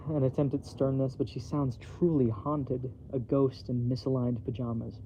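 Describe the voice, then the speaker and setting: A man reads his own novel aloud as a bedtime story, plain and a little self-conscious, with small stumbles. His voice is mid-pitched and mellow. The recording is dull, with a faint hiss underneath. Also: level tone, moderate pace, hardly any pauses. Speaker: author reading his own book.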